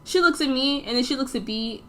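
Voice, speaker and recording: A woman's voice: high voice, brisk, a little hiss or hum. A teenage girl telling a story in a casual vlog, chatty and full of "like" fillers, acting out the dialogue as she goes. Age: teens. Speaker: storytime vlogger.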